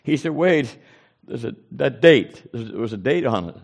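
A preacher telling a personal story in a folksy way, acting out the dialogue of the people in it. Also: male voice, medium pitch, moderate pace, creaky. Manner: folksy, animated retelling with quoted dialogue. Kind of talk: storytelling testimony.

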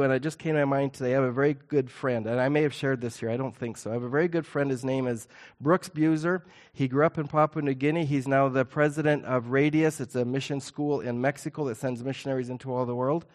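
A middle-aged man preaching a sermon to his church, earnest and emphatic, slowing down to stress key points. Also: mid-range voice. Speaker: pastor.

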